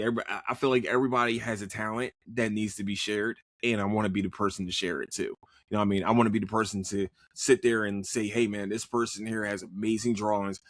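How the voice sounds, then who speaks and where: A man's voice: on the low side, dry recording, clean studio sound. A young man hosting his own podcast, reviewing a show in a loose, rambling, profane solo chat full of restarts. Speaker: podcast host.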